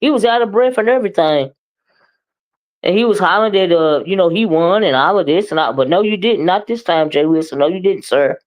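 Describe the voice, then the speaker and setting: A woman hosting a casual live-stream gossip show, talking in a sassy, emphatic, drawn-out way. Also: fairly low pitch. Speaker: live-stream commentary host.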